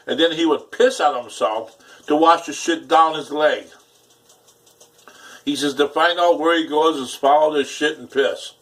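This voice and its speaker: Slow-talking rambling man, mic far off. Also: mid-range voice, fairly bright tone. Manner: rambling and crude, with frequent swearing. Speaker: vlogger. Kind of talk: casual cooking vlog, talking to viewers. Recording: mic at a distance, faint background noise.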